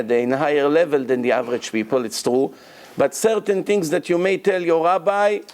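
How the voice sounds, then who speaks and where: A man delivering a rabbinic lecture in an emphatic, insistent way, often repeating a word to drive it home. His voice sits a little higher than most men's. His grammar slips now and then. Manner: emphatic, repeats words for stress, non-native grammar; breaks into loud acted shouting of prayers and quotes. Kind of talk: Torah lecture to a congregation.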